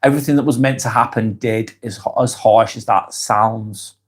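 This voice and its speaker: A man hosting a live vlog, reading comments aloud and answering them bluntly, often swearing, then softening to reassure. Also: mid-range voice, steady tone, moderate pace. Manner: blunt, sweary, swings between brusque and reassuring. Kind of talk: casual live vlog chat.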